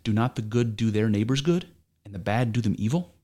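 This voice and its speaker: A man's voice: on the low side, lively intonation, fairly quick, warm tone. A man reading the part of an aging male philosopher defending himself in court, pressing his accuser with pointed rhetorical questions in an amateur dramatic reading. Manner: argumentative, probing rhetorical questions.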